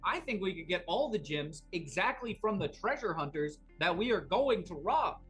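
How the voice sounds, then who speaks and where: A man's voice: high-pitched, big pitch swings, normal speed, a bit bright, breathy edge, soft background music. A man playing in a tabletop game, talking in a scheming, upbeat way. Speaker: player. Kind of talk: tabletop role-play.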